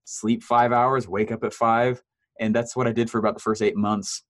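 A man in his thirties, a guest telling his story in a casual interview, animated and laughing often, leaping up in pitch for quoted voices. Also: normal speed.

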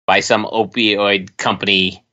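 A man chats casually on a podcast, offering blunt opinions with lots of restarts. His voice sits fairly low but comes through with a bright, pushing edge. The recording sounds dull and lo-fi. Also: little pitch movement, measured pace. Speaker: podcast co-host. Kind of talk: casual chat.

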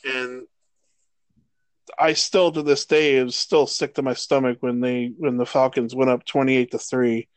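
A man in his thirties co-hosting a casual sports podcast, swearing freely and ranting with animated energy. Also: medium pitch, unhurried, smooth, no room sound. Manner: profane, animated rants. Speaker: podcast co-host.

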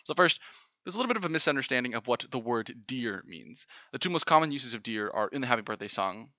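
A man's voice: medium pitch, lively intonation, fast talker, bright, forceful tone, no room sound. A man giving an earnest, playfully analytical explanatory monologue, breaking into short sung examples. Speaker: video essayist.

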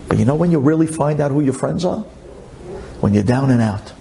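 A man telling a personal story in an emotional sermon, dropping to near whispers and then rising high. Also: animated, a little fast, vocal fry, slight background noise. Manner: dramatic swings from hushed to soaring. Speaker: religious speaker.

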